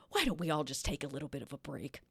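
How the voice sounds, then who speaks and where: A woman's voice: mid-range voice, no echo, exaggerated voice. A woman voicing a large, stern woman who talks with sarcastic scolding.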